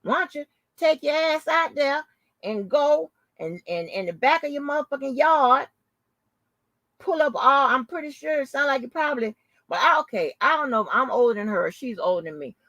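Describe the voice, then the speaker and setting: A woman hosting her own channel, telling a story in a casual, animated, profane and mocking way. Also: high voice, normal speed, no room sound. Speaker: channel host. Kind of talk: casual live-stream commentary.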